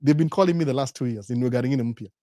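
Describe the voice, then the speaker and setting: This is a middle-aged Kenyan man with a Kenyan accent, hosting a relaxed live Q&A stream. He talks at a brisk clip in a mellow, dark voice, recorded dry and close. He rambles from one story to the next, putting on the voices of the people he quotes. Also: mid-range voice, no room sound. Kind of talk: casual live-stream chat mixing Swahili, Sheng and English.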